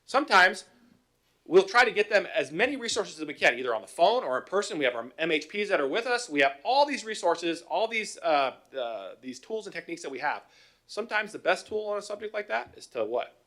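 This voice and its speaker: A man's voice: high-pitched, sing-song, a little fast, bright, forceful tone. A middle-aged man, a police officer, giving an informal talk to a council with stories and rhetorical questions. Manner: conversational, acts out both sides of calls, rhetorical questions. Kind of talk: informal presentation with anecdotes.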